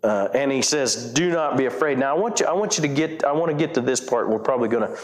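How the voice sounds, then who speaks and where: A man's voice: mid-range voice, expressive, quick pace. Preaching man in an echoey room. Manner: conversational preaching with restarts and quoted scripture. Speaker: pastor. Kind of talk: sermon.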